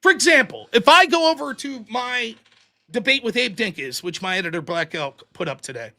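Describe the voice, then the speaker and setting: A man hosting a livestream, telling stories in an animated, profane way. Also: very high-pitched, moderate pace. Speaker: livestream host. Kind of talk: casual livestream commentary.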